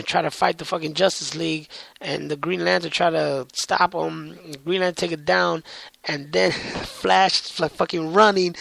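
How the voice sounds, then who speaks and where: A man recapping comics in a casual vlog, excited and rambling with heavy swearing. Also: a little high, gravelly, no echo, rough recording. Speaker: comic book reviewer.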